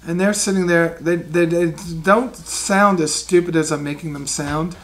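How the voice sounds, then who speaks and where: A man narrating a tabletop game as game master, in an animated storytelling manner. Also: on the high side, normal speed, slight background noise.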